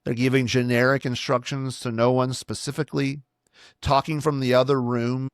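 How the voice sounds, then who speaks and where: A man's voice: medium pitch, little pitch movement, normal speed, clear, resonant tone, dry recording, clean studio sound. A middle-aged man, a pastor hosting a solo podcast, teaching in an earnest, instructive way and sometimes acting out sample commands to children.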